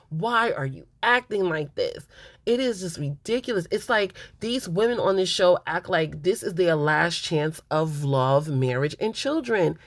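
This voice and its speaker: A woman's voice: fairly low pitch, expressive, measured pace, no room sound. A woman hosting a reality TV recap, talking candidly and emphatically straight to her viewers in a casual, opinionated way.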